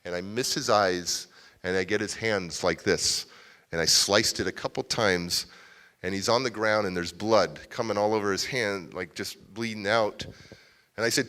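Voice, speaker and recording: A man's voice: on the low side, normal speed, sharp tone. A man, a motivational speaker, telling a confessional personal story to a live audience at a civic center and acting out the voices he quotes. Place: civic center event hall.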